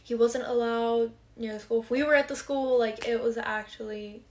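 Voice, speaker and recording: A woman's voice: fairly high pitch, fairly even intonation, moderate pace, a little mellow, a little hiss or hum. A young woman telling casual storytime tales to her followers, blunt and chatty, swearing freely. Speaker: storytime creator. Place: in bed at night.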